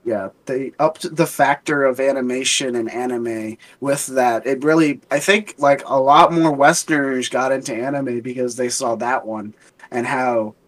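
A man's voice: medium pitch, fairly even intonation, measured pace. A man co-hosting a casual podcast while a little under the weather, often stalling and restarting as he searches for words. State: a little sick. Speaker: podcast co-host. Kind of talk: casual chat.

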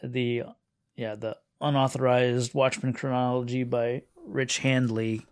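A man's voice: medium pitch, level tone, measured pace, clear, resonant tone, dry recording, clean studio sound. A man talking in casual discussion, hesitant and searching for his words. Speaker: podcast co-host.

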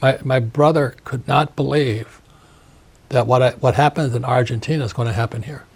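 An older man in his seventies, a husky-voiced author giving an interview, ranting emphatically and repeating phrases. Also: medium pitch, steady tone, moderate pace, darkish tone. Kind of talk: opinionated interview talk.

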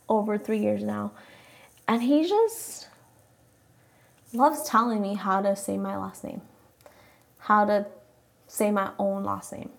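A young woman whose first language is Spanish vents in a casual vlog rant, blunt, exasperated and quick to swear. Her mid-range voice drops into a gravelly fry at the ends of phrases. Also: medium pitch. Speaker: vlogger.

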